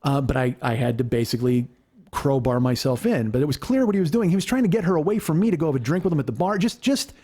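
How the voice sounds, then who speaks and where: A middle-aged man with a slightly higher voice, spinning a long story in a relaxed, unscripted way. He swears freely and slips into the voices of the people he quotes, keeping the telling animated. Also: fast. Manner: animated, profane, acts out quotes. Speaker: comedian podcast host. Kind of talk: casual storytelling.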